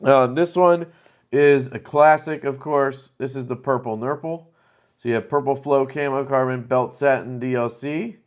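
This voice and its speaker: A man's voice: medium pitch, moderate pace, clean tone. A man hosting a casual product showcase, talking loosely and enthusiastically with plenty of fillers. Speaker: knife channel host.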